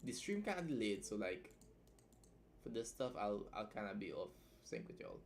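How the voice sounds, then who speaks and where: A man's voice: on the low side, huge pitch swings, moderate pace, creaky, slight background noise. A tired young man streaming a casual writing tutorial, chatty and loose, often tagging his points with "right?". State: tired from staying up long. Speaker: writing streamer teaching editing.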